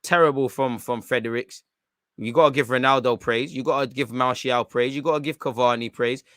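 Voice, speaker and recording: A man reacting live to a football match from home, bantering in slang and shouting when chances come. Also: medium pitch, steady tone, fairly quick, no room sound, clean studio sound. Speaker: football watchalong streamer.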